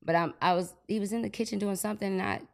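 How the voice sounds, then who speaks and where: A woman's voice: mid-range voice, steady tone, very fast, vocal fry. A mother and podcast co-host telling an earnest story in casual conversation, often repeating herself. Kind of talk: casual faith conversation and ad read.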